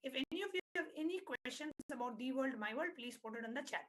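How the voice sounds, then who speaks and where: A woman with a high, light voice guides participants through a reflective exercise. She speaks earnestly and methodically, walking through each step and repeating key terms so nobody gets lost. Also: expressive, fast. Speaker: spiritual workshop facilitator. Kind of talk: guided workshop instruction.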